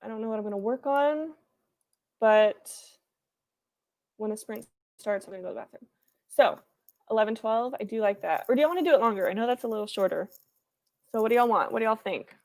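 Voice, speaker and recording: Young woman, livestream host, playful casual chat, slightly high voice, home desk mic. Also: expressive, fairly quick, pauses often, darkish tone. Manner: chatty and playful, reads out chat comments.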